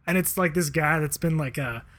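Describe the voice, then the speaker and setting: Rambling, laid-back man with a slightly high voice. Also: normal speed. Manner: relaxed, rambling, with many fillers and laughs. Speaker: podcast co-host. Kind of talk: casual chat.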